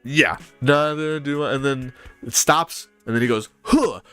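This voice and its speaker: A man's voice: mid-range voice, normal speed, bright, forceful tone, smooth. A man in a casual chat about music, rambling with lots of fillers and humming riffs aloud. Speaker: podcast panelist.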